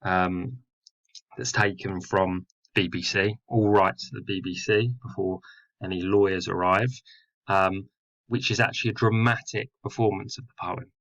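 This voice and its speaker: A male English teacher explaining a poem in a recorded lesson, filling pauses with "um". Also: deep voice, fairly even intonation, a bit bright, muffled recording. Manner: explanatory, with many fillers.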